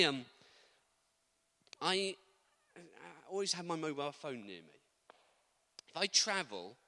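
A man preaching a sermon, animated, acting out quotes with humorous asides. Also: fairly high pitch. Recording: long reverb of a large hall.

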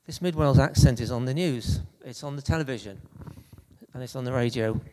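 A man preaching an anecdotal sermon in a conversational, halting way, with frequent restarts. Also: mid-range voice, mellow, in a large hall, a little hiss or hum.

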